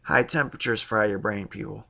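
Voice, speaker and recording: A man's voice: on the low side, brisk, creaky, bright, forceful tone. A man in his thirties talking in a rambling, blunt way, recounting his own experiences in a casual monologue. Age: 30s. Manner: rambling and blunt, with frequent fillers and asides. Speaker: vlogger.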